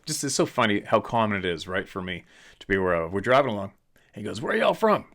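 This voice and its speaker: Blunt man with a forceful voice. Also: on the low side, quick pace. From British Columbia, Canada. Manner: blunt, opinionated, rambling storyteller. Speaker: host, hunting and fishing guide. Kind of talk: casual monologue, reading a viewer letter.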